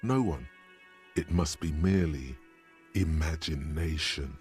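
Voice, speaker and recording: A man voicing the narrator of a video game, describing scenes in a measured, wry, literary way. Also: extremely low pitch, a little mellow, faint music behind. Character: brooding omniscient male game narrator.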